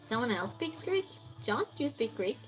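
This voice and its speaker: A woman's voice: on the high side, big pitch swings, normal speed, faint music behind, poor audio. A woman hosting a trivia game on a live stream, chatting casually and reading out and answering viewers' messages. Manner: chatty, reads chat aloud and answers viewers.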